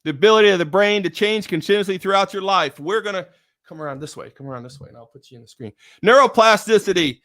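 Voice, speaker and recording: A middle-aged man giving a motivational talk, energetic and repetitive, chanting pep-talk lines at himself. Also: high-pitched, fast talker. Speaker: motivational speaker.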